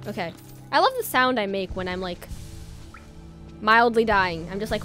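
A woman's voice: mid-range voice, animated, moderate pace, bright, forceful tone. A woman streaming a video game, chatting along and bursting into startled shrieks. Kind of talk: live gameplay commentary. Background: faint game music.

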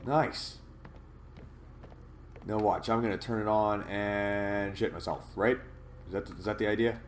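A man's voice: lowish voice, fairly even intonation, unhurried, slight background noise. A man giving let's play commentary on a horror game, jumpy and jokey, swearing when startled. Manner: jokey, talks to the viewer. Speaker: gaming video host.

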